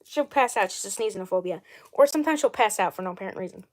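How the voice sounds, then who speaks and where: A young woman in her twenties chatting casually on a livestream about the dolls she voices, rambling, correcting herself and often clearing her throat. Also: medium pitch, lively intonation, fast, a little mellow. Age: 20s. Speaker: doll series creator.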